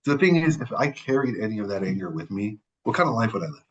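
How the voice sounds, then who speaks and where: A podcast guest with a lowish voice tells a story fast, in a casual, animated and profane way, acting out the people he quotes. The sound quality is lo-fi.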